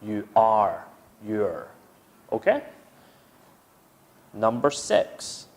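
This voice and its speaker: Male English teacher, unhurried, patiently repeats examples for learners. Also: lowish voice, huge pitch swings. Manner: explains step by step, repeats each example sentence. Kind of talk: slow, patient grammar lesson.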